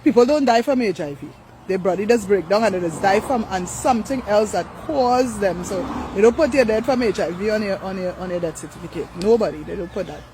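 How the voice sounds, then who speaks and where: A woman's voice: medium pitch, brisk, dark tone, a little hiss or hum, poor audio. An older woman, ranting on a live stream, blunt, profane and repetitive. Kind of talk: angry live-stream rant.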